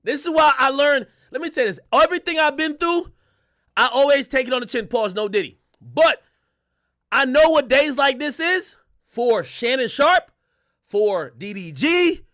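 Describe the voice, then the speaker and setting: Loud, animated streamer man. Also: very high-pitched, normal speed. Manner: loud, animated storytelling, acts out quotes, laughs often. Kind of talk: livestream commentary.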